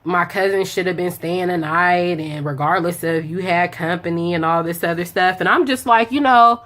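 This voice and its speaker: A woman's voice: on the low side, moderate pace, a bit bright. A young woman chatting casually as she tells a story while doing her makeup, acting out both sides of the conversation with slang. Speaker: beauty vlogger telling a story.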